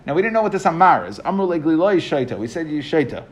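A man teaching a class, reading passages aloud and explaining them in casual, halting English with frequent restarts. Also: on the high side, very animated. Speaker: Talmud teacher.

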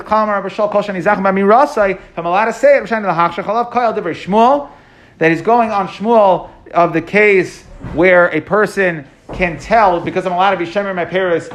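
Male teacher giving a Talmud class, slightly high voice, translates and explains as he goes with lots of "um" and "okay". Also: a bit bright. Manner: quick explanatory, translating line by line with frequent fillers.

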